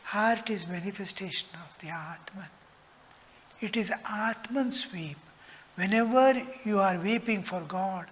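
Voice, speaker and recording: Slow earnest monk in echoing hall. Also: male voice, high-pitched, a bit bright, slight background noise. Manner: slow, earnest, dropping to whispers. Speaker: monk teacher. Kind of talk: spiritual discourse. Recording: long hall reverb.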